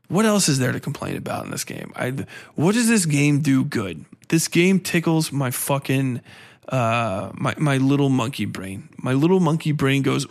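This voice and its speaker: A man's voice: mid-range voice, big pitch swings, moderate pace, gravelly. A man hosting a podcast alone, ranting casually and animatedly, swearing often and restarting his sentences. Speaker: podcast host. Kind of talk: casual solo podcast rant.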